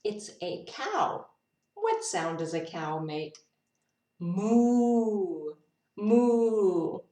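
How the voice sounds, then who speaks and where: Playful woman teacher reading animal book. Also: low-pitched. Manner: playful, making animal noises between lines; spontaneous and unrehearsed, with laughs and musing asides. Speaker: English teacher. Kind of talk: reading a picture book aloud to children. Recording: roomy echo, voice from a distance.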